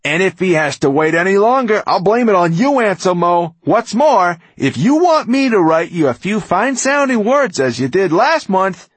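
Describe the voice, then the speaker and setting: A man's voice: low-pitched, animated, normal speed, creaky, slightly rough, no echo, exaggerated voice. A man voicing a crotchety, impatient old male poet who snaps at people. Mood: indignant. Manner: snappish, irritable.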